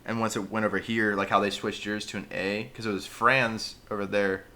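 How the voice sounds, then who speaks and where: Bright-voiced young man, slangy podcast banter. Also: on the low side, flat delivery, brisk. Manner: laid-back, teasing, slangy. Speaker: podcast co-host. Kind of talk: casual chat.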